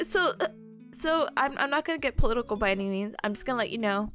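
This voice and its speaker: A woman's voice: on the high side, a little fast, fairly bright tone, soft background music. A woman streaming and chatting casually, telling stories in a bubbly, giggly way. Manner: giggly, bubbly storytelling, frequent laughter.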